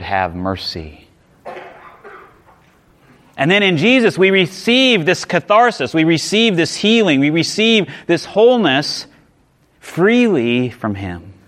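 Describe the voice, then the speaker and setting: A man's voice: on the high side, sing-song, a little slow, a bit bright. A male pastor preaching a sermon, emphatic, often repeating words and restarting phrases.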